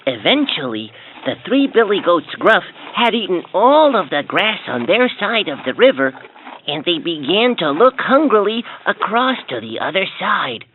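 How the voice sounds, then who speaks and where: Lively man narrating a storybook. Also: high voice, normal speed, a little hiss or hum. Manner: clear, expressive reading for children. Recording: tinny lo-fi toy speaker, dry.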